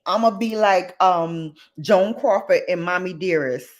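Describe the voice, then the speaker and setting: A woman hosts a laid-back chat show in an unhurried, expressive voice. She is slangy and dramatic, and her pitch swings from low grumbles to high exclamations. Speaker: host. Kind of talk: casual chat.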